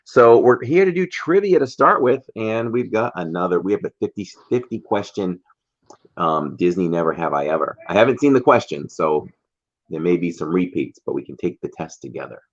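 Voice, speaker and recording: A man's voice: deep voice, lively intonation, normal speed, highs cut off. A man hosting a casual livestream chat, reading out viewer comments and greeting viewers by name. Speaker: livestream host.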